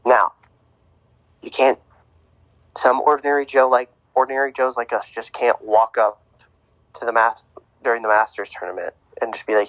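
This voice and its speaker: A man's voice: medium pitch, fairly even intonation, normal speed, pauses often, a bit bright, dry recording, rough recording. A young man co-hosting a podcast, chatting casually about sports with a rambling, filler-heavy way of talking. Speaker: podcast co-host.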